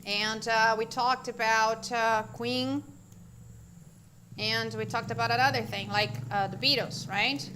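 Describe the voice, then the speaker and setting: A woman from Brazil, a native Portuguese speaker, teaches an English class live, chatting with viewers in a loose, informal way. Her voice sits somewhat high, and she keeps asking the audience for examples. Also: a bit bright, slight background noise. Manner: chatty and informal, many fillers, asks viewers questions.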